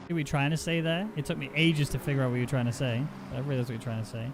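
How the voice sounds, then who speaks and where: A man commentating a sim racing event live, jumping up in excitement when the action heats up. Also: background noise. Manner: excitable, quick to rise in pitch on action. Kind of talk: live esports race commentary.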